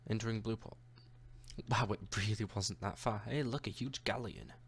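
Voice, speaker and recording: A young man, a gaming YouTuber, chats and jokes through a let's-play of his own gameplay, talking to the characters he runs into. His voice sits on the low side at a moderate pace, with slight background noise.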